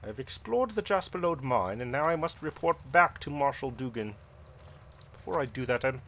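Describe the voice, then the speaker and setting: A man's voice: mid-range voice, fairly bright tone. A man voicing a pompous, zealous paladin who hates monsters, speaking in formal old-fashioned phrases as he plays a game. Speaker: game player role-playing his character. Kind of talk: in-character role-play over gameplay.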